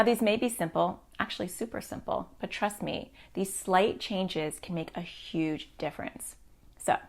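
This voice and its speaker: A middle-aged woman speaking as a child therapist, talking straight to parents. Her advice comes across direct and reassuring, at an ordinary pitch for a woman. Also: vocal fry. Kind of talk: parenting advice talk to camera.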